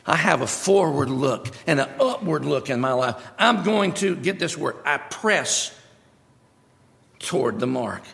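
A man's voice: fairly high pitch, animated, normal speed, gravelly, hardly any pauses, fairly bright tone. A male preacher giving a sermon, emphatic, repeating his key phrases. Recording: long hall reverb.

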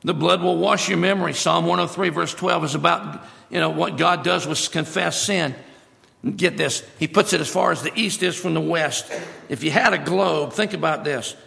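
Gravelly preacher in an echoing hall. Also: male voice, fairly high pitch, normal speed, pushed and bright. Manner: emphatic, repeating phrases. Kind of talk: sermon. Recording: long hall reverb.

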